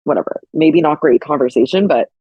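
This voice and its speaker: Young woman, guest storyteller; animated, lots of "like", acts out quoted lines, husky, slightly low voice. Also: fairly quick, no room sound, muffled recording.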